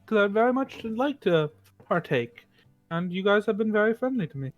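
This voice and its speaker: Man doing a cheeky young royal, fairly high voice, dry close sound, courteous. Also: expressive, moderate pace, no room sound, highs cut off, faint music behind. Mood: curious. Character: visiting young male royal, curious and cheeky.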